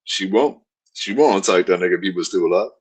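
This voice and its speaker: A man's voice: sits low, quick pace, slightly rough. A man reacting and joking in crude casual chat, co-hosting a podcast. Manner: profane, laughing reactions. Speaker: podcast co-host.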